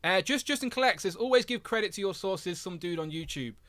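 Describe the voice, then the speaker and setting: Reading viewer comments during a casual livestream, this young man from England stays chatty and upbeat, laughing often. His high, fairly bright voice has lively intonation and runs a little fast, with no room sound through his headphones with mic.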